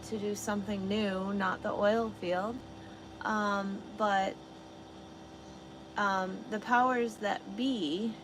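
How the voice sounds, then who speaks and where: A woman talks slowly to her viewers, drifting between topics with plenty of ums. She swears freely and laughs at her own jokes, with steady noise underneath her voice. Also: medium pitch. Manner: profane, rambling, self-amused, many fillers. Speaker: vlogger chatting with live viewers. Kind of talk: casual live-stream chat.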